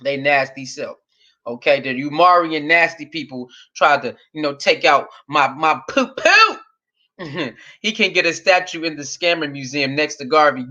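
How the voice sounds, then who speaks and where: Stream host, male, casual reaction talk, lively pitch, lo-fi audio. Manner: laughs often, repeats phrases, reads chat aloud.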